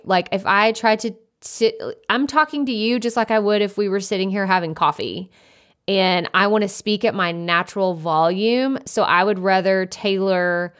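A young adult woman hosting a solo podcast, chatty and naturally loud, speaking into a desktop USB microphone with many casual fillers. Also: medium pitch, clear, resonant tone. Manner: chatty, lots of "like" fillers, self-described loud. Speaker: podcast host.

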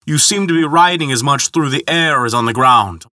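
A man voicing a boastful, hot-tempered male giant who talks loudly and demandingly. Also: mid-range voice, moderate pace, no room sound, clean studio sound, pitched above the performer's own voice, natural voice. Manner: loud, blustering, demanding.

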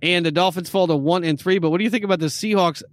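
A man with a fairly high voice co-hosts a casual football talk show. He reels off scores and stats in quick bursts and laughs easily. His voice sits close and dry on the mic. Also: no echo. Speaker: podcast co-host. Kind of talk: casual sports chat.

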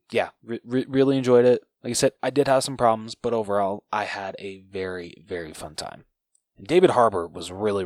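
Low-voiced guy gushing about movies. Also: no echo, clean studio sound. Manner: enthusiastic, rambling, casually profane. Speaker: podcast host. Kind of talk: casual movie review chat.

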